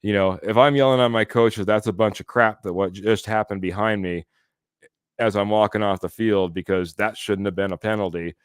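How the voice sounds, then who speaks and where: A man hosts a live sports podcast, reading out viewer comments and chuckling along as he goes. His voice sits on the low side and sounds smooth and resonant. The sound is dry and close to the mic. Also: fairly even intonation, a little fast, no room sound. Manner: chatty, laughs often, reads comments aloud. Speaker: podcast host.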